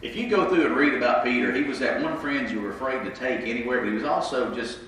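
A man's voice: medium pitch, fast, a bit bright, far from the mic, a little hiss or hum. Man preaching, congested sinuses, asks the room questions, very echoey hall, mic set back. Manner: conversational, asks the congregation questions. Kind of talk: interactive sermon. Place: church sanctuary.

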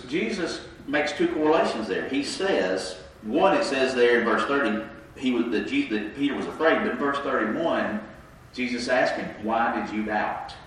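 A man with a mid-range, fairly bright voice, congested from his sinuses, preaches an interactive sermon in a church sanctuary, conversationally questioning the congregation. An echoey room mic captures him from a distance, with slight background noise.

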